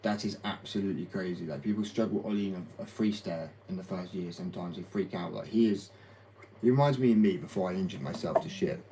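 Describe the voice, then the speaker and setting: A young man with a deep, warm voice talks casually and loosely, full of "like" fillers and blunt swearing. A faint hum of background noise sits behind his voice. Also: brisk, rough recording. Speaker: skateboard company owner and hobby tattoo artist. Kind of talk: casual interview chat.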